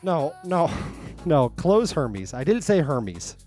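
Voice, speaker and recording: A man live streaming and chatting to his viewers, excitable and stammering through restarts. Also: on the high side, slow pace, faint music behind. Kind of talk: casual live stream chat.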